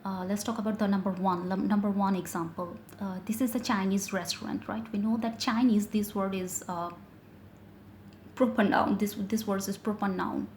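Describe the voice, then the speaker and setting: A woman with a medium-pitched, slightly mellow voice teaches an online grammar class at a moderate pace with fairly even intonation. She explains step by step, using many fillers and self-corrections, in an echoey room with faint noise.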